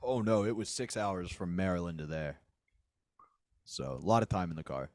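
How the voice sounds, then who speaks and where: A man, a stand-up comedian co-hosting a podcast, talking in a dry, irritable, deadpan way. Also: deep voice, moderate pace. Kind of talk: casual comedic chat.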